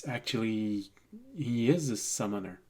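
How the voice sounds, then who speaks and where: A man acting as game master, narrating and speaking for characters, hesitant and full of pauses. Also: lowish voice, darkish tone. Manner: hesitant, full of ums and restarts.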